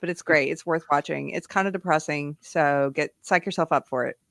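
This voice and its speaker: A woman co-hosting a casual live stream, chatty and quick to laugh. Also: deep voice, gravelly, dry recording. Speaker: co-host.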